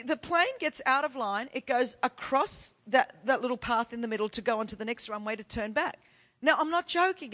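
High-voiced, emphatic woman preacher. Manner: emphatic, building to forceful declarations; animated and expressive in storytelling. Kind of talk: storytelling sermon.

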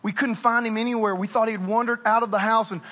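Pastor in his 40s, high bright voice, a bit breathy, joking about himself, big echoey church. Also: fast. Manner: animated, self-mocking storytelling. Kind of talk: sermon. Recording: long reverb of a large church hall.

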